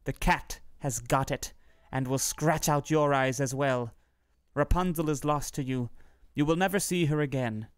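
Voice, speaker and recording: A man's voice: mid-range voice, moderate pace, darkish tone, dry recording, studio quality, natural voice. A man putting on a scornful old enchantress. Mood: mocking. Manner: mocking, angry outbursts.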